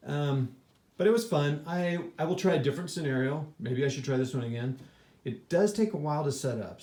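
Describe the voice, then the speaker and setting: A man whose voice is warm and on the high side rambles through his thoughts on a board wargame he played. He keeps restarting sentences and uses lots of fillers in a casual, think-aloud review. The recording has room echo.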